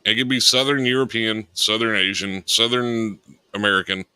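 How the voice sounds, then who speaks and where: A man's voice: fairly low pitch, moderate pace, bright, forceful tone, clean tone, no echo, rough recording. A man co-hosting a casual radio talk show, joking and riffing on bits. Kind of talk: casual comedic chat.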